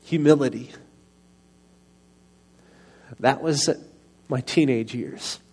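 A middle-aged man preaching a personal testimony sermon into a microphone, earnest and confessional, often soft-spoken. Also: mid-range voice, slow pace, slightly rough.

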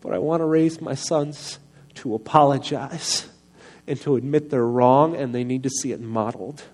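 A man's voice: medium pitch, moderate pace. Earnest man telling a personal story. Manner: earnest and confessional, soft-spoken, rising to raised voice. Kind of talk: personal testimony sermon. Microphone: microphone.

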